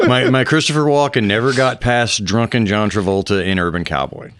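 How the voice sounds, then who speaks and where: Middle-aged male comic, deep-ish, rambling storyteller, dry studio sound. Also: a little fast, a bit bright, clear, resonant tone, no echo. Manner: rambling storyteller, laughs at own tales. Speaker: comedian guest. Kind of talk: casual podcast chat. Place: small hot studio.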